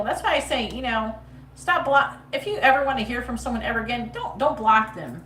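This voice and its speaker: Her voice is on the high side, a bit bright, expressive and fairly quick as she runs a live tarot reading chat. The psychic host is casual, sassy, blunt and profane, recorded from a distance in an echoey room.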